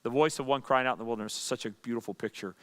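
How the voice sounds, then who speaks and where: A man's voice: medium pitch, very fast, smooth. A pastor leading a Bible study, teaching in a conversational way, asking and answering his own questions.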